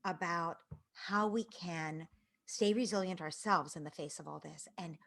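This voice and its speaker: A woman parenting educator giving a live online talk to parents, earnest, with phrases that trail off into breathy near-whispers. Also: fairly low pitch, unhurried, fairly bright tone.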